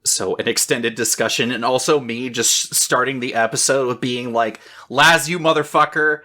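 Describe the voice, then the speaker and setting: A man co-hosting a podcast in casual chat, excitable and swearing freely, with lots of "um". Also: medium pitch, moderate pace. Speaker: podcast co-host.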